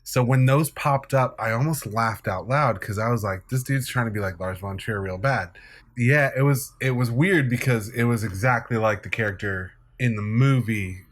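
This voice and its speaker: A man co-hosting a casual film podcast, telling relaxed anecdotes and cracking quips. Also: medium pitch, moderate pace. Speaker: podcast co-host, filmmaker.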